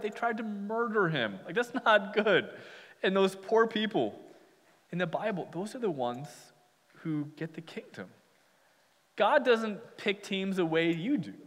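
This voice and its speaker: A man's voice: a little high, fairly bright tone. Brief: man preaching, casual and wry, long hall reverb on the recording. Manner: conversational, sarcastic asides, chuckling. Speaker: pastor. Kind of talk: sermon.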